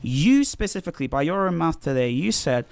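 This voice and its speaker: A man arguing hard in a religious debate, talking quickly with a lively, swinging pitch. He is insistent and argumentative, pressing point after point. His voice sits a little high. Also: gravelly.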